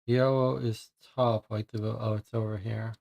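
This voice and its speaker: A man's voice: fairly low pitch, level tone, measured pace, gravelly, a little mellow. A man streaming a puzzle game, thinking aloud and muttering in frustration as he works through it.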